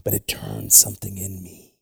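A man preaching a bilingual sermon with passion, dropping to hushed whispers and rising to shouts. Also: lowish voice, little pitch movement, moderate pace, creaky, breathy edge, no room sound, clean studio sound.

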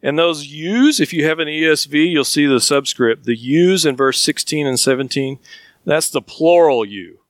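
A man's voice: fairly high pitch, normal speed, dry recording, studio quality. A man with a Southern US accent preaching a sermon as a pastor, earnest and emphatic, often asking questions.

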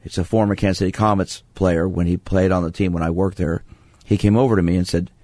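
A lower-voiced man hosts a sports radio call-in show. He tells stories at an easy pace, stumbling and restarting his sentences as he goes. He is from Brooklyn, and his voice sits close and dry on a studio mic. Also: steady tone, fast, dark tone, dry recording. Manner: anecdotal, restarts sentences often. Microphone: studio microphone.

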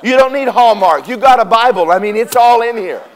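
Male preacher, high pitch, animated sermon delivery with call-and-response. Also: brisk. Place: church service with congregation responding.

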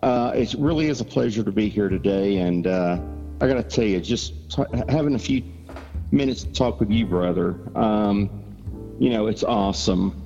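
A man's voice: on the low side, normal speed, dark tone, faint music behind. A man from Georgia with a Southern accent, chatting folksily as a guest and sharing his testimony. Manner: folksy, joking, chatty with fillers. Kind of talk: casual testimony chat. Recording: dull lo-fi sound with long reverb.

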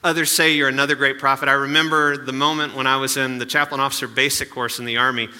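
A man's voice: medium pitch, level tone, fast talker, bright, forceful tone, clean tone, in a large hall. A male pastor giving a sermon in a conversational way, with asides and rhetorical questions.

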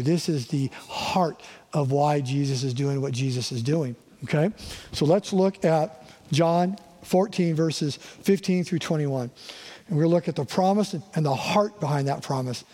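Pastor preaching in a reverberant hall. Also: male voice, a little high, normal speed, dark tone. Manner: conversational, asks the crowd "right?" often. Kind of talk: sermon. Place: church sanctuary.

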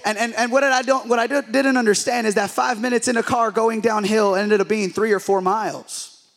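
A young man preaching as a pastor, telling a story in an animated, self-deprecating way and joking with his listeners. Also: high voice, fairly quick. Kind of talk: humorous storytelling sermon.

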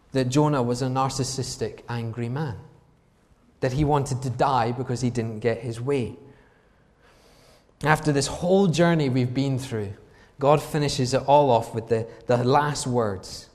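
Male pastor, mid-pitched, emphatic sermon delivery, long hall reverb behind him. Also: unhurried, darkish tone. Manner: emphatic, rhetorical questions to the congregation. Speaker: preacher.

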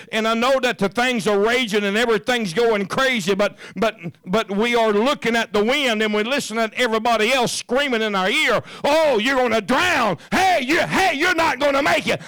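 A man preaching a sermon, moving from quiet scripture reading to shouted preaching and often repeating his words as he gets worked up. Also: very high-pitched, dry recording. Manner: repeats words and restarts when fired up.

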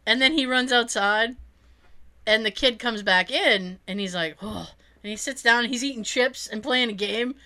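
A woman chatting casually, telling an animated story and acting out the people in it, laughing often. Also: fairly high pitch, normal speed. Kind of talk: casual chat.

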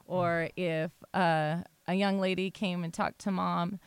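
A woman's voice: lowish voice, steady tone, takes it slowly, clean tone, no echo. A woman hosting a podcast, chatting casually and affirming her guest as she asks questions. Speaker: podcast host.

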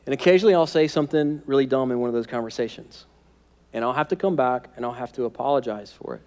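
A man's voice: mid-range voice, fast talker, a little mellow. A man preaching a sermon as pastor, conversational and humorous, often checking in with "right?".

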